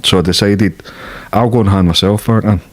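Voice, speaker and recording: A man's voice: fairly low pitch, fairly even intonation, fairly quick. A Scottish man, a guest in an interview, telling stories in a blunt, casual way with plenty of swearing. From Scotland. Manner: blunt, swearing freely, laughing at his own stories.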